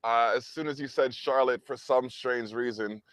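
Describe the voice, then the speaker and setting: A man hosting a casual interview. He talks in a playful, animated way and laughs often, while he is still recovering from an illness and has sore ribs. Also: mid-range voice, moderate pace, rough recording. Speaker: podcast host.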